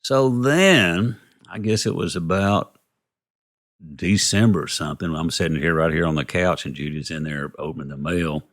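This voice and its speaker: A man's voice: deep voice, moderate pace. A man from Texas, a guest telling rambling anecdotes and acting out the dialogue. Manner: rambling, retells dialogue with "I go" and "he goes". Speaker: interview guest. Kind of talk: casual anecdotal storytelling.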